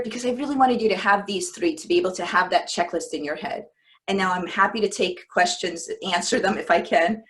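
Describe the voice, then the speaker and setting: A woman coach giving a live webinar from her desk over a computer mic, talking in a conversational way and often breaking off to restart a word. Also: medium pitch. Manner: conversational, breaks off and restarts words, acts out example lines. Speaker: leadership coach presenting a webinar. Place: at a desk, home or office.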